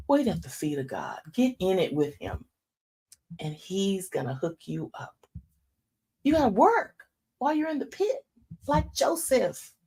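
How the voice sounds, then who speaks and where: Speaking at church in a fairly low pitch with vocal fry and a breathy edge, a woman in her fifties offers an informal sermon. Her storytelling is animated, and she keeps calling everyone y'all.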